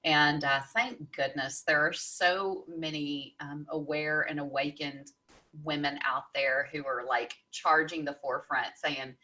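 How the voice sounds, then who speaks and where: A woman's voice: deep voice, steady tone, measured pace, bright, forceful tone. A woman hosting a casual podcast interview, chatty and encouraging toward her guest. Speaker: podcast host.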